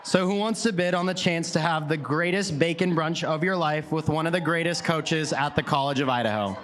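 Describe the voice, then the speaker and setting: A man's voice: fairly high pitch, a little fast, a bit bright, slight background noise. A man emceeing a gala, introducing an auction item in an upbeat, joking way. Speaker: event emcee. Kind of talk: hosting a live event. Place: gala event hall.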